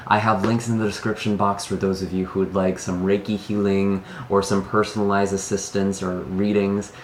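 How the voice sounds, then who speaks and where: A man's voice: sits low, little pitch movement, normal speed, a little hiss or hum. Earnest, sighing man reading tarot. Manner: earnest and emotional, sighs often between thoughts. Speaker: tarot reader. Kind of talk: solo tarot reading to camera. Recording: echoey room.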